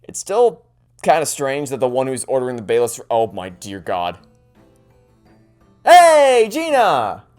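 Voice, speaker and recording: A man commentating on a game he is playing for the first time, animated and sarcastic. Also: medium pitch, normal speed, smooth, faint music behind. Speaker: let's play host. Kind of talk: gameplay commentary.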